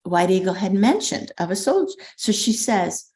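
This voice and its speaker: An older woman, a spiritual teacher, telling a story in a lively way with frequent ums and restarts. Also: medium pitch, normal speed. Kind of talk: storytelling talk.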